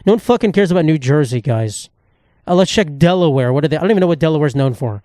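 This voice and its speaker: A American man in his twenties hosts a solo comedy podcast, ranting with profanity and sarcasm as he rambles and suddenly slips into silly put-on voices. His voice sits on the high side, mellow and expressive, and he talks fast. The recording is dry and studio quality.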